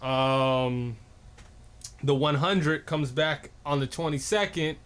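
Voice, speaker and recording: Halting young man, slightly high voice. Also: a bit bright. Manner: halting, stuttering restarts and fillers. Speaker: podcast co-host. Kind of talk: casual chat.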